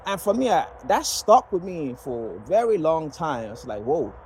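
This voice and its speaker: A man's voice: a little high, sing-song, moderate pace, a little mellow, slight background noise, rough recording. A man from Nigeria telling a personal story in a loose, rambling way, full of fillers and restarts. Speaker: vlogger sharing personal story.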